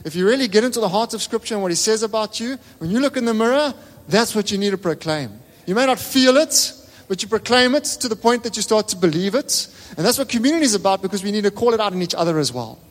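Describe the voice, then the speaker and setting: A man preaching a sermon as pastor, with emphatic repetition and sudden swings between loud and soft delivery. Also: high voice. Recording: long hall reverb.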